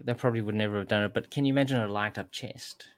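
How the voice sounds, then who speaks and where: Man, podcast co-host, fast talker, low voice, teasing. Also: fairly even intonation, no room sound. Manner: teasing, quick reactions. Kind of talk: casual chat.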